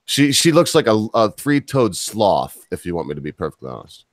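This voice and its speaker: An American podcast host reads news articles aloud and cuts in with blunt, mocking asides. His voice sits lowish, swings widely in pitch, and moves at a normal speed.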